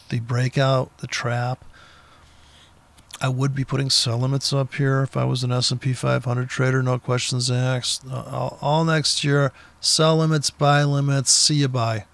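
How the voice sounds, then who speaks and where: A man's voice: medium pitch, gravelly, fairly bright tone. A man giving blunt, profane, combative trading commentary in an unscripted rant, speaking from a car with the window down.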